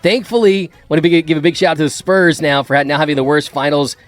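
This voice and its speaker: A middle-aged man hosting a sports talk show, telling lively stories in a casual, animated way. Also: quick pace, no room sound. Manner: animated, acts out his own past outbursts in a higher voice. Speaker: sports podcast host. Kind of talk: casual storytelling chat.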